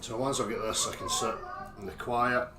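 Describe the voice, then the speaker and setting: A man's voice: medium pitch, fairly even intonation, moderate pace, reverberant, very noisy. A Scottish man hosting a casual livestream, chatting informally and reading out viewers' names as he greets them. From Scotland. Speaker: livestream host.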